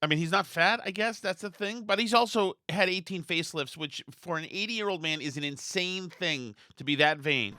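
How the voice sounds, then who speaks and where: A man hosts a political podcast and rants in a blunt, scornful way, often restarting his sentences. His voice sits fairly high and has a bright, sharp edge. The sound is dry and close to the mic. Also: moderate pace, hardly any pauses, dry recording. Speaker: podcast host.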